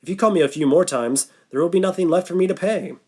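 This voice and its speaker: A man's voice: high-pitched, fast, darkish tone, breathy edge, pitched above the performer's own voice. A man voicing a weary, sarcastic young woman in an audiobook, teasing a phone scammer. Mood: mocking. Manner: dry, mocking.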